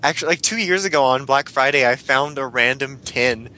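A man's voice: medium pitch, fairly quick, bright, forceful tone. A young man co-hosting a casual chat, rambling, swearing now and then, laughing often.

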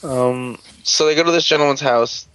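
A man's voice: mid-range voice, moderate pace, a bit bright, poor audio. A man hosting a casual chat, recapping a show in a rambling, sarcastic, profane way, groggy and unwell. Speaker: podcast host.

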